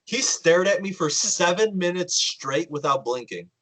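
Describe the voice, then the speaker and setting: A podcast host, an animated storyteller, recounts events in casual chat, mimicking others' lines and swearing frequently. His voice sits high and runs a little slow, captured on a rough recording.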